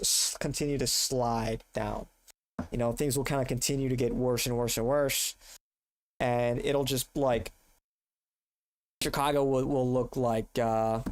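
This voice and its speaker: A man's voice: mid-range voice, darkish tone. Congested profane man streaming live. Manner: loose, profane, rambling, with restarts. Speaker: streamer reacting to videos. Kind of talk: casual live-stream chat.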